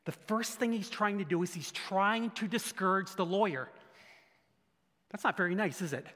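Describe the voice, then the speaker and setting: A man preaching a sermon in an animated way, asking the crowd rhetorical questions and breaking into sudden shouts. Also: high-pitched, normal speed. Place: church hall. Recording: echoey hall with long reverb.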